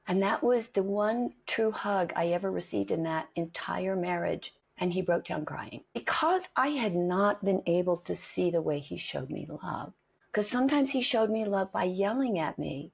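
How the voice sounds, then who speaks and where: Middle-aged woman, husky voice, lively storyteller, dull lo-fi sound. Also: mid-range voice, normal speed. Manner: animated storyteller, acts out quoted voices. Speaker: acting coach and guest. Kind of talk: storytelling in a conversation. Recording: dull lo-fi recording.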